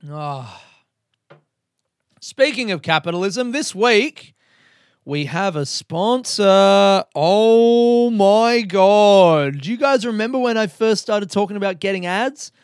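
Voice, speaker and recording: A man's voice: high-pitched, expressive, unhurried, long pauses, no echo, studio quality. A man of thirty, hosting a solo podcast in a rambling, self-mocking way and swearing often. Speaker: podcast host.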